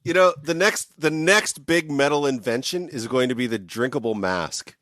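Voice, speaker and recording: A man's voice: mid-range voice, normal speed, a bit bright, dry recording, clean studio sound. A man hosting a casual podcast, joking, laughing often and swearing. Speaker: podcast host.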